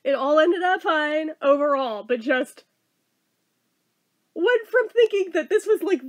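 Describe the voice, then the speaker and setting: A woman telling a storytime vlog in a casual way, swearing and laughing to the point of tears. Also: high-pitched. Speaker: vlogger.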